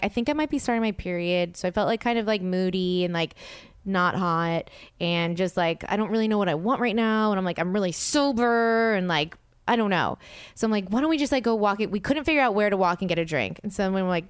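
A young adult woman hosting a casual podcast, telling a story in a lively way and acting out the quotes. Her voice is smooth and clear. It is recorded close and dry. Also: medium pitch, quick pace, no room sound. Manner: animated, acts out quotes, swears freely. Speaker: podcast host.

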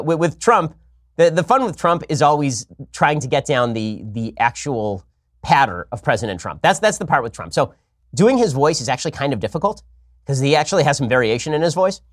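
A man's voice: medium pitch, expressive, normal speed, no room sound, studio quality. A man hosting a show, answering listener questions in a casual, wry monologue full of restarts. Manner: talkative, frequent restarts, wry. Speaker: podcast host.

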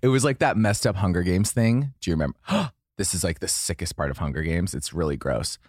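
A young man with a deep voice chats casually as a podcast co-host, rambling through stories and laughing often. His pitch swings widely as he talks. The sound is close and dry. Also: animated, fairly quick, a little mellow, no echo. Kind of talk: casual chat.

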